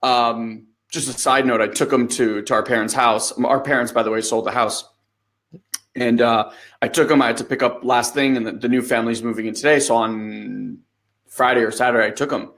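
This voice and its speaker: A man in his thirties co-hosting a podcast, telling a story in a loose, animated way and acting out the lines he quotes. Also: medium pitch, moderate pace. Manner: animated storytelling, acts out quotes, swears casually. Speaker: podcast co-host. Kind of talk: casual conversation.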